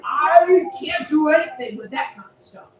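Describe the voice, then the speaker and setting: Woman as brusque shouting judge, far away, very echoey room. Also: high voice, normal speed, lo-fi sound, slight background noise, close to an everyday voice. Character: stern loud male courtroom judge.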